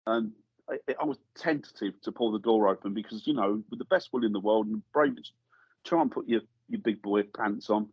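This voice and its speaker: Husky-voiced man telling a story. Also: fairly low pitch, brisk, no room sound, highs cut off. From England. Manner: lively storyteller acting out quoted voices. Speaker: guest paranormal investigator. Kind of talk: casual storytelling anecdote. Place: studio.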